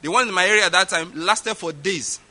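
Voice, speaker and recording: A man's voice: sits high, fairly quick, pushed and bright. A middle-aged man with a Nigerian accent preaching a sermon, stressing his points and repeating them for emphasis. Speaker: pastor.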